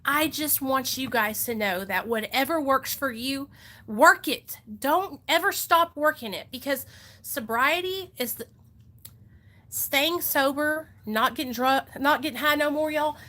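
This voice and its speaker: Young woman, recovery vlogger, earnest and chatty, fairly high and bright voice. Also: slow. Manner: earnest, emotional, chatty with "y'all" and "like". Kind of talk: casual heartfelt talk to viewers.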